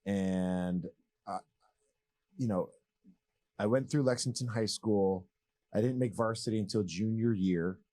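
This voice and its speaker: A man's voice: lowish voice, unhurried, long pauses. A man in his thirties from Massachusetts, a former pro basketball player telling his story as a guest in a casual, candid, joking way. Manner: animated, rambling, joking, candid.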